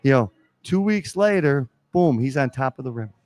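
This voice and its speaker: A man who coaches college basketball, telling lively stories in a live podcast interview at a pizza restaurant. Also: mid-range voice, moderate pace. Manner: animated storyteller acting out quotes.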